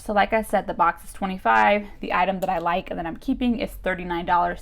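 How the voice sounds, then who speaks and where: A woman's voice: medium pitch, gravelly. A young woman chatting casually through a beauty box unboxing, full of fillers and a little out of breath. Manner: chatty, with many fillers like "like" and "you guys". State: a bit out of breath. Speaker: beauty vlogger.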